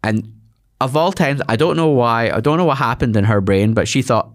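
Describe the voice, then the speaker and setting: A Scottish man, a guest comedian, telling stories in casual chat with lots of quick restarts. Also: mid-range voice, lively intonation. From Scotland. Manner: rambling storyteller with quick restarts.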